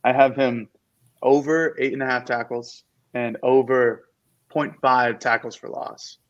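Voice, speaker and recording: A man's voice: medium pitch, little pitch movement, unhurried. A man co-hosting a casual sports podcast, laying out earnest, detailed analysis of players and picks. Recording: dull lo-fi mic.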